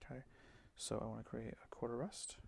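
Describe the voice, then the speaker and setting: A man giving a relaxed screen-recorded music software tutorial, thinking aloud with fillers as he works. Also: mid-range voice, fairly quick, creaky, breathy edge. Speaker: music teacher.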